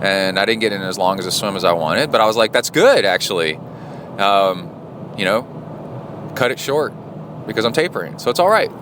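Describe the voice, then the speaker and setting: Over a noisy background, a middle-aged man speaks briskly in a lowish voice, leaving long pauses. A podcast host and triathlon coach, he rambles casually through a spoken diary with many fillers and restarts, becoming animated when telling stories.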